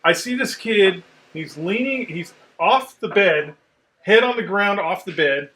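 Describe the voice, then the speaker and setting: A man with a fairly high, bright and forceful voice tells stories in a loose, casual chat. He swears freely and acts out the people in his stories with lively delivery. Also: unhurried. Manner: profane, animated storyteller. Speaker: podcast host, Marine veteran.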